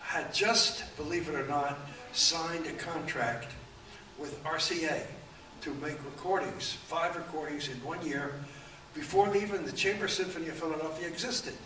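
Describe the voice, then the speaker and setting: A man's voice: fairly high pitch, bright, forceful tone. Rambling man in his eighties, echoey room. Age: 80s. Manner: rambling anecdotes, halting with frequent fillers. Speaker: author and guest. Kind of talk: storytelling at a book event. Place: event room. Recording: echoey room, distant mic, faint room noise.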